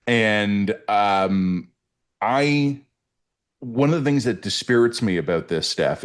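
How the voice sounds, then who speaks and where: A Canadian man in his forties hosting a political podcast, reflective and wry, with frequent restarts. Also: on the low side. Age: 40s. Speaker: podcast host. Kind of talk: casual political talk.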